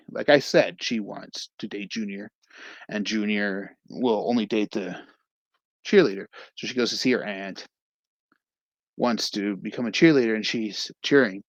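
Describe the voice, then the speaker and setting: A man's voice: on the low side, no echo, dull audio. A young man casually recapping a comedy film as a review host, rambling and acting out scenes with quoted lines.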